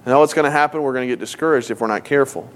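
A man's voice: medium pitch, racing, a little hiss or hum. A man preaching a sermon as a pastor, reading scripture aloud and acting out the people he quotes with emphatic delivery.

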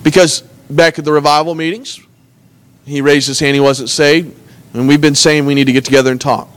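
A man's voice: on the high side, steady tone, brisk, a bit bright, clear, resonant tone. A man preaching a sermon as pastor, earnestly reading scripture and retelling it in everyday words. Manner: earnest preaching, reads scripture aloud and retells it in plain talk.

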